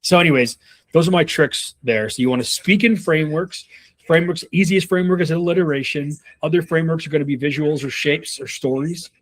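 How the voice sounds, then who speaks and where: A man's voice: on the high side, a little fast. A man in his thirties coaching on a call, casual and rambling, with many fillers and restarts. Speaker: sales leadership coach.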